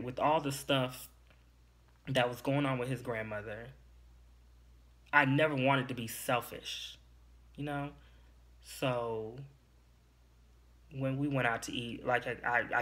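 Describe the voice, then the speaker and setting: A man's voice: mid-range voice, fairly even intonation, unhurried, long pauses, a bit bright. A young man speaks in a candid, confiding way, like a podcast host telling his own story. His telling is emotional and a little teary, with plain, casual phrasing.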